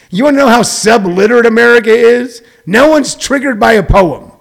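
A middle-aged man holds forth in a rambling comedic monologue, preachy and full of digressions. He lands his points loudly and trails off into mumbles, and his voice sits high for a man with a gravelly edge. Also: lively intonation, normal speed. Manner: preachy, digressive, shifts between loud emphasis and muttering. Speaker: show host.

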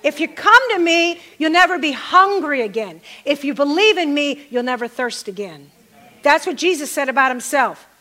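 A woman's voice: sits high, animated, normal speed, bright, forceful tone. A middle-aged woman preaching a sermon, calling out to the congregation and repeating phrases for emphasis.

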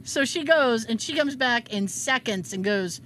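A woman telling a funny story in casual chat, acting out the people in it with lively voices and frequent laughter. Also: a little high, a little slow, slight background noise. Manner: animated, acts out quotes in shifting voices, laughs often. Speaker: podcast co-host telling a story.

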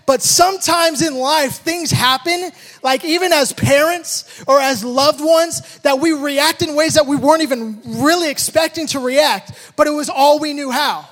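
A man with an unusually high voice tells a story about his family, acting out each beat with shouted sound effects. His words ring out with the long reverb of a large hall. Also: a little slow, few pauses. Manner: animated, acts out the moments with shouted sound effects. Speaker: father telling a personal story. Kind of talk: storytelling talk with a life lesson.

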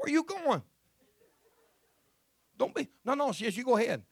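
Fervent preacher man, gravelly. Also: very high-pitched, sing-song, normal speed, no echo. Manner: fervent, emphatic, repeats phrases. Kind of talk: Pentecostal sermon.

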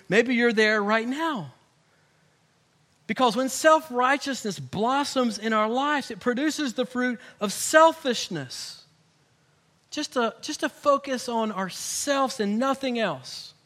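Casting note: middle-aged male pastor, very high bright voice, animated sermon delivery. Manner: animated, swings from hushed to loud, acts out quoted voices.

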